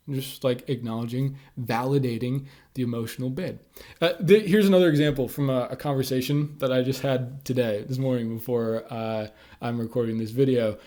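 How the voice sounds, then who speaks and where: Man, mid pitch, laid-back explainer who leans on "like" and "uh" and talks to camera. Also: normal speed, darkish tone. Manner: loose and conversational, many "like" and "uh" fillers. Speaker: communication tips creator. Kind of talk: casual instructional talk to camera.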